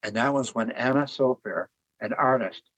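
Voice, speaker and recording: An older man being interviewed about his book and artwork, telling relaxed anecdotes and chuckling at his own jokes. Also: mid-range voice, normal speed, rough recording. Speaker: author and artist guest. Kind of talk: conversational interview storytelling.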